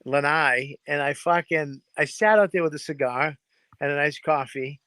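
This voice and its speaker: A man with a fairly high voice, talking in a dry, close sound with crickets chirping behind him. He co-hosts a casual chat show and tells stories with lots of swearing, acting out noises as he goes. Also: normal speed, dry recording. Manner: profane, animated storyteller who mimics noises. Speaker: podcast co-host. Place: home in New Hampshire, crickets behind.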